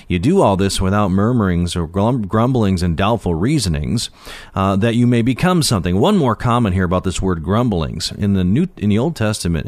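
A man giving an expository Bible teaching in a conversational way, pausing with fillers and leaning on key words. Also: low voice, no room sound.

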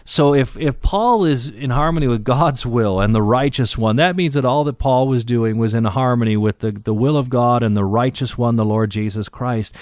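A man's voice: mid-range voice, darkish tone, dry recording, studio quality. A man teaching a Bible passage verse by verse in a conversational way, stressing key words and reading the text aloud. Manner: conversational, with fillers and restarts, leans into key words.

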